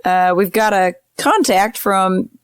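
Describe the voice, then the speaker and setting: Female player, halting, filler-heavy in-character talk, dry room. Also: medium pitch, clear, resonant tone, no echo. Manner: hesitant, apologetic, lots of fillers. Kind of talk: in-character tabletop play.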